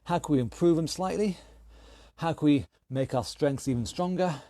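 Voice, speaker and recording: A man coaching an online workout class, energetic and encouraging as he calls out moves, slightly out of breath. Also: a little high, moderate pace, no room sound. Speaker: fitness instructor.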